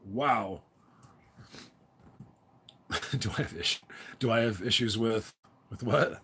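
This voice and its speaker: A man's voice: on the low side, takes it slowly, pauses often, sharp tone, breathy edge. A middle-aged man hosting a casual livestream chat, rambling and laughing often as he reads viewer comments. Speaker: livestream host.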